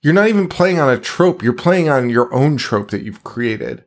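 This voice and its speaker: A man's voice: medium pitch, lively intonation, moderate pace. A man co-hosting a podcast, recapping a movie in casual, profane, exasperated rants. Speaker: podcast co-host.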